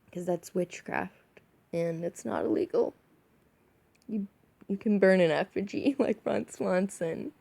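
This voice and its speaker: A woman's voice: medium pitch, gravelly, mellow. A tipsy woman vlogging in a casual, rambling way, giggling often between her words. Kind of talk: casual rambling chat to camera.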